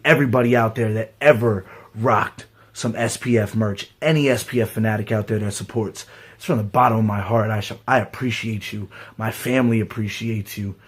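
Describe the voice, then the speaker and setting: Husky-voiced man in his twenties, earnest. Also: on the low side. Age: 20s. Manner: earnest, emphatic. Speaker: pro wrestler. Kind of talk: heartfelt testimonial.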